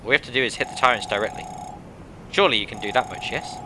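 A man's voice: medium pitch, rapid-fire, background noise, lightly acted. A man voicing a bossy, scheming young woman from a video game in a raised, haughty voice. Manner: haughty and commanding. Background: game music.

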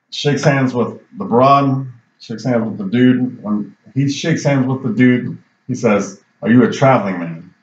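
A man co-hosting a podcast, telling a profane anecdote in a casual, laughing way. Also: mid-range voice. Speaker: podcast co-host. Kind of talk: casual storytelling chat. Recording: roomy, dull lo-fi sound.

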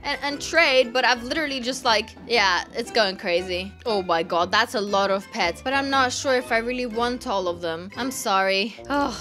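Bright, excitable young woman gaming vlogger. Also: a little high, normal speed, hardly any pauses, soft background music. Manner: excitable, gushing, many exclamations. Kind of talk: excited gameplay commentary.

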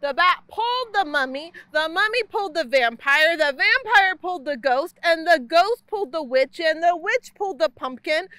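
A woman library storyteller reading a picture book aloud, expressive and full of sound effects. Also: very high voice, moderate pace, few pauses, no room sound.

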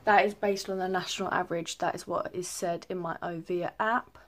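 A woman's voice: on the low side, fairly even intonation, a little fast. A young woman chatting casually in a pregnancy update vlog, rambling with many ums. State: a little out of breath. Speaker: vlogger.

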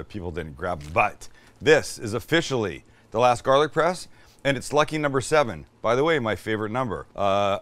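A man's voice: mid-range voice, fairly bright tone. A man hosting a casual cooking show, joking with his crew as he cooks.

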